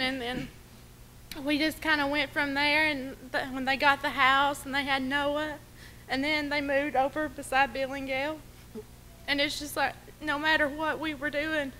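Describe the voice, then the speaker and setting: A woman telling personal stories at a memorial service, fighting back tears, rambling and quick to laugh. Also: sits high, sharp tone, slight background noise. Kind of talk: personal remembrance speech.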